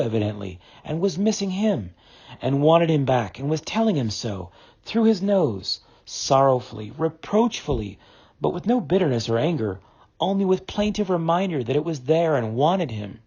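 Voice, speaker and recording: A man narrating a classic novel as an audiobook, reading in an expressive, dramatic storytelling manner. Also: on the high side, normal speed, creaky, husky, muffled recording.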